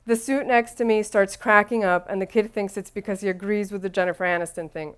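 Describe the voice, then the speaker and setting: The narrator here is a woman reading her own first-person account in a dry, self-mocking way. She speaks at a normal pitch in a smooth, clear voice, keeping a measured, even rhythm.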